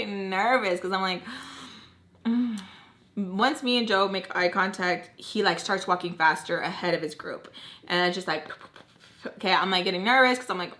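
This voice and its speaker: A woman in her thirties tells a personal story in a chatty, dramatic way. Her voice is bright and sits at a middling pitch. She talks casually, as if confiding in friends. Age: 30s. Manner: chatty and dramatic, leaning on fillers. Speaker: storytime vlogger.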